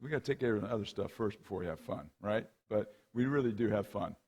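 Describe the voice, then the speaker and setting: In a low voice with a breathy edge, this middle-aged rowing coach moves at a quick clip through conversational stories for a men's conference audience. As guest speaker he's spirited, impersonating people from his tales and regularly checking in with "right?" and "okay?".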